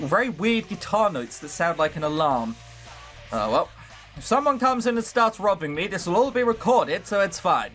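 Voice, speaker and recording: Animated young man swearing through a game. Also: sits high, moderate pace, faint music behind. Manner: swearing, laughing, teasing asides. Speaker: let's-play host. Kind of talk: casual game commentary.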